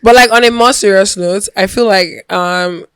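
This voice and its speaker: A woman's voice: medium pitch, normal speed, fairly bright tone, clear, resonant tone, no room sound. A young woman with a Nigerian accent co-hosting a podcast in casual chat, laid-back and playfully exasperated. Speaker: podcast co-host and media presenter.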